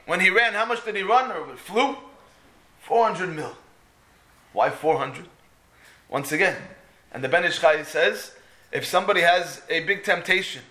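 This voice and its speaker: A man giving a storytelling Torah talk, asking and answering his own questions. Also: high voice. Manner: animated, asks and answers his own questions, mixes in Hebrew phrases. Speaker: Torah teacher.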